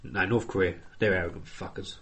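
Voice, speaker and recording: A man's voice: fairly even intonation, fairly quick, pushed and bright, slightly rough. A man bantering bluntly and swearing on a casual podcast. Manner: blunt and profane, with a varied pitch.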